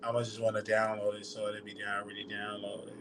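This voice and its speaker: A man hosting a personal vlog, halting and repeating words as his voice breaks with grief, close to tears. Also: fairly low pitch, monotone, noisy background. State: on the verge of tears. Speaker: channel host.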